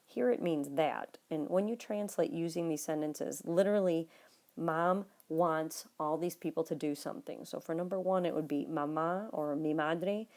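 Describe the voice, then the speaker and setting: A woman teaching Spanish, explaining grammar notes patiently and speaking straight to her students, sometimes dropping to a quiet murmur as she writes. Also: moderate pace. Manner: drops to a low, near-whispered aside while writing. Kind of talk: recorded classroom lesson notes.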